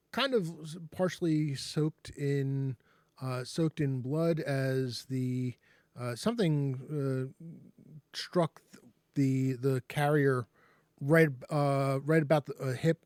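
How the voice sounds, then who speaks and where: A man narrating as game master for a tabletop game, halting with many fillers and restarts. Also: medium pitch, darkish tone, clear, resonant tone, dry recording, studio quality.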